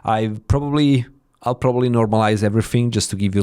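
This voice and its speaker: A man's voice: medium pitch, expressive, fairly quick, creaky, darkish tone, clean tone. A man with an Italian accent giving a casual, chatty review of microphones, full of fillers. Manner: chatty, informal, frequent fillers. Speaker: tech reviewer. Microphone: studio microphones being tested.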